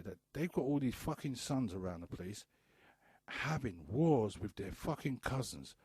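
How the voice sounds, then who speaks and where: A man's voice: mid-range voice, mellow, breathy edge, no room sound. A man hosting a radio talk show, ranting bluntly with profanity and hammering home repeated rhetorical questions. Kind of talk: impassioned radio monologue.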